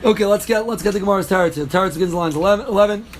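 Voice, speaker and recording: A man's voice: high-pitched, racing, a little hiss or hum. A man teaching a daily Talmud class, explaining step by step, repeating key phrases and answering students' questions.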